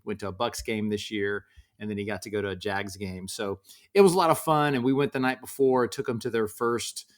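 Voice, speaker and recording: A man with a lowish voice tells stories about his children in an easygoing, conversational way. He talks as a podcast guest, pausing and restarting his sentences as he thinks. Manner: relaxed storytelling with frequent restarts. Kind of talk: casual conversation.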